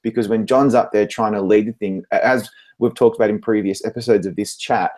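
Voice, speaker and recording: Male recap panelist, lowish voice, enthusiastic, long flowing turns. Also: steady tone, a little fast, darkish tone. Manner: enthusiastic, talks in long flowing stretches with "um" fillers. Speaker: entertainment writer on a recap panel. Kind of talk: casual panel discussion.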